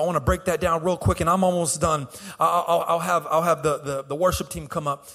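Male pastor, high husky voice, impassioned sermon, swings soft to loud, echoing sanctuary. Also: fairly even intonation, brisk, few pauses. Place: church sanctuary.

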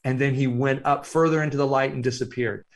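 A man, an author guest, telling a reflective story in an interview, unhurried and halting with fillers. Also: mid-range voice, fairly even intonation.

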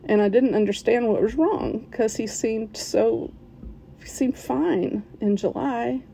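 Slow, gravelly-voiced woman telling a story. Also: on the high side, a little hiss or hum. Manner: halting, with fillers, restarts and soft laughs. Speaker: listener sharing a personal story. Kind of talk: emotional personal storytelling.

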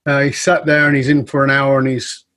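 A middle-aged man, a guest on an interview show, telling a story in a lively conversational way and acting out the dialogue. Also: medium pitch, fairly quick. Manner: animated storyteller who acts out quoted dialogue. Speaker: guest speaker and coach.

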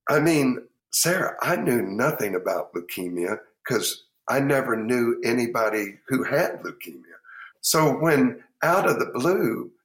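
An older man with a Texan accent, a chef telling lively anecdotes in an interview and acting out the people in them. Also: mid-range voice, a little slow. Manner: lively anecdotes, acts out quoted voices. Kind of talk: storytelling interview. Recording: echoey room.

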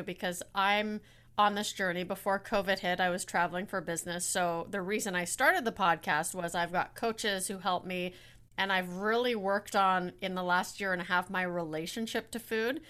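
Brief: woman podcast host, bright and tense voice, encouraging and chatty. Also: fairly low pitch, clean tone. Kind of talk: conversational podcast interview.

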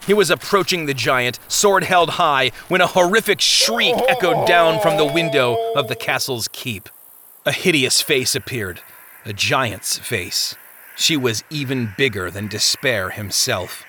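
A man's voice: medium pitch, expressive, measured pace, sharp tone, a little hiss or hum. Man narrating a dramatic audiobook. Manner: dramatic, vivid storytelling. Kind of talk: scripted narration. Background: music.

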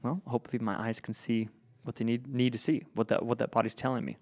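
A man of average pitch talks through how he assesses a client's pain. He speaks casually, often acting out his own questions and the client's replies. The tone is conversational and explanatory. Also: quick pace. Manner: animated, acts out client dialogue. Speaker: movement practitioner.

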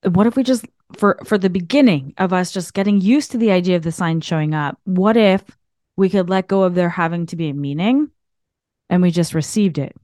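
Canadian-raised woman rambling animated story, lower voice, dry sound. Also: a little fast, dry recording. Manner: animated, chatty, many filler likes. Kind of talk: spiritual storytelling monologue.

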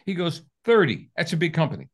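An older man with a slightly high voice speaks at a normal pace. He's a sales coach appearing as an interview guest, telling a story with energy and acting out both sides of the conversation like a lively storyteller.

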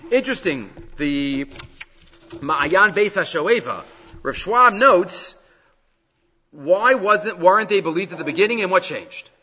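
Animated man teaching a Torah class. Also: sits high, big-room sound, lo-fi sound. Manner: animated, reads Hebrew verses then translates. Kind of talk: Torah class on the weekly portion.

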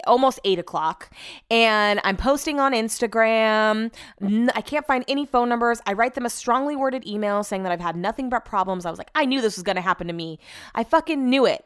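A woman's voice: medium pitch, clear, resonant tone. A woman telling a rambling story in a casual, profane rant, jumping between asides. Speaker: vlogger.

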